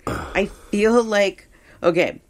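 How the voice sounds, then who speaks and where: A woman hosting a podcast as a psychic medium, talking in a relaxed, hesitant way with many fillers. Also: mid-range voice, drawn-out words. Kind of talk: casual podcast reading.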